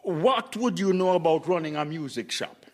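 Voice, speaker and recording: A man's voice: fairly high pitch, lively intonation, moderate pace, close to an everyday voice. An actor playing a scheming, sarcastic older father who runs a record shop, in a radio sitcom. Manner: sarcastic, cheeky. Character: cheeky scheming old dad, sarcastic.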